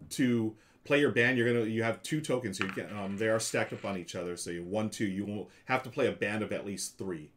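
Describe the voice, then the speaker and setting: A man hosting a live stream, casually walking his chat through a board game's rules and moves, with many fillers. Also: on the low side. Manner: chatty, explains moves aloud to chat with frequent fillers.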